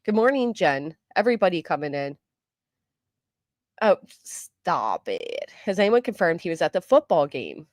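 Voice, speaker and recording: A middle-aged woman hosting a live stream, chatting casually with viewers, greeting them by name, and talking fast and loud. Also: fairly low pitch, lively intonation, dry recording, studio quality. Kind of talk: casual live chat, reading comments.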